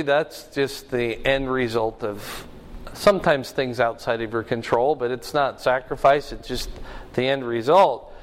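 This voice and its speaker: Slow, emphatic male preacher in reverb. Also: fairly high pitch, a bit bright. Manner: emphatic, lingers slowly on key words. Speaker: pastor. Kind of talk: expository sermon. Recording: long hall reverb.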